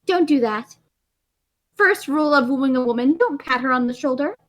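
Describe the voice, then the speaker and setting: A flirtatious snake-bodied woman, as a woman puts her on at a tabletop game. Her slightly high voice stays playful and teasing as she nudges a shy friend toward romance. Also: animated, moderate pace.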